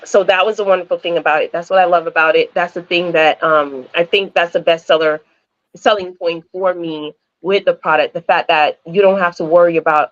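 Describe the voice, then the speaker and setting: A Jamaican woman with an American-sounding accent chats as a video-call guest in a casual interview, laughing often. Her lowish voice is fairly even and quick, with no room sound and the highs cut off.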